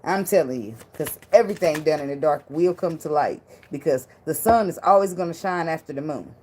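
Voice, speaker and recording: A woman's voice: low-pitched, fairly quick, darkish tone. A woman giving a casual tarot reading in loose slang, blunt and profane, with a lot of laughter. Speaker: tarot reader.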